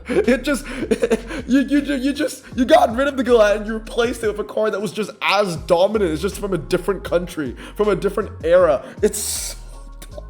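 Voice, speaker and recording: A slightly high-voiced man delivers a frustrated rant of gameplay commentary, stumbling over restarts and fillers as he vents. Soft background music plays quietly beneath his voice. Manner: irritated, animated ranting with frequent fillers and restarts. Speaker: mobile racing game commentator.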